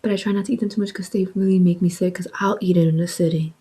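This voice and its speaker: A woman in her twenties telling a story in a chatty, animated way, filling her talk with "like" and swearing. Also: fairly low pitch, very fast, breathy edge, rough recording. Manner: chatty, heavy use of "like", swearing, animated retelling. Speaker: vlogger. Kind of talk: casual storytime with soft ASMR eating.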